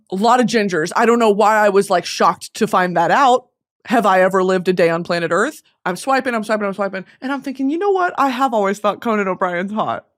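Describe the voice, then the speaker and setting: A woman in her twenties hosting a podcast, telling a comedic story in a self-mocking, animated way, jumping between loud bursts and low mutters. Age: 20s. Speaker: podcast host.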